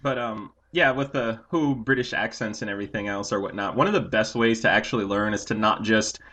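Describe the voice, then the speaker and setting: A man's voice: on the low side, a little fast, a bit bright. A young man hosting a casual podcast chat, rambling with lots of fillers and laughing often. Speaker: podcast host.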